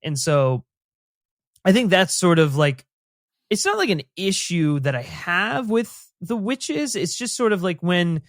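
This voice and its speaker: A man's voice: a little high, no room sound, clean studio sound. A man co-hosting a casual TV recap podcast, rambling and thoughtful, with lots of "like" fillers. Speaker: podcast co-host.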